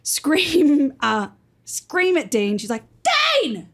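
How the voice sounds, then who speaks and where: A woman co-hosting a podcast, recapping plot in casual chat with quick asides. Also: on the high side, lively intonation. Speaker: podcast co-host.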